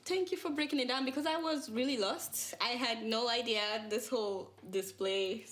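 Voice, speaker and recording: A woman hosting a talk show interview, teasing her guest in a quick-witted way. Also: a little high, background noise. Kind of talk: casual interview chat.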